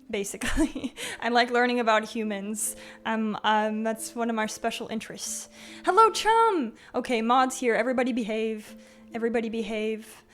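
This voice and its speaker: A young woman live-streaming, chatting casually with her viewers, with lots of "like" and "um", frequent giggles and greetings to chatters by name. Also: mid-range voice.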